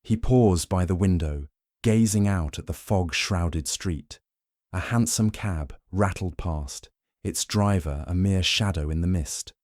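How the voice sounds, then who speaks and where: A man narrating a mystery audiobook in a measured, even storytelling manner. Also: sits low, no echo, clean studio sound.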